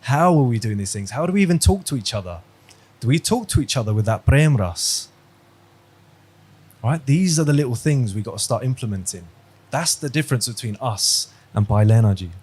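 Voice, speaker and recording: A man's voice: mid-range voice, expressive, a little fast, darkish tone, slightly rough. A man teaching a religious class over a video call, chatty and quizzing his students, with stories along the way. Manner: conversational, quizzing students, storytelling. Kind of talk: online class lesson.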